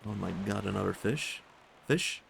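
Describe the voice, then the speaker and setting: This young Swedish man has a lowish, gravelly voice with a fairly bright tone, talking at a normal speed in a Swedish accent. He chats casually and laughs often while streaming a game, with faint game music and slight background noise behind him.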